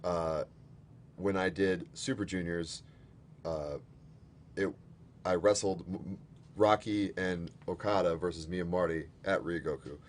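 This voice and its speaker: A man's voice: low-pitched, steady tone, measured pace, long pauses, a little hiss or hum. A man appearing as a guest on a live stream, talking in a laid-back, dry way and teasing the host. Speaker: guest, pro wrestler. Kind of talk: casual interview chat.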